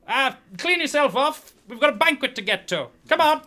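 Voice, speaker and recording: A man voicing a pompous upper-class prince who talks in a brisk, dismissive way. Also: very high voice, expressive, sharp tone, voice pushed up, exaggerated voice.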